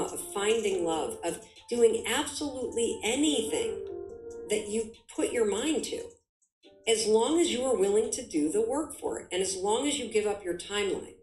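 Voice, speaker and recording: A woman's voice: medium pitch, moderate pace, darkish tone, reverberant, soft background music, rough recording. A woman giving an emphatic motivational talk as a guest, full of vivid examples. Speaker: guest speaker.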